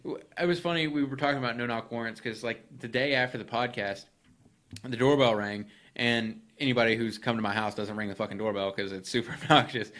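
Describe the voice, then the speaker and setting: A man from the United States on a podcast, telling stories in an animated, profane way and acting out what people said. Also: medium pitch, a little fast. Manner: animated, profane, acts out quoted exchanges. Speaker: podcast co-host. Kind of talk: casual podcast storytelling.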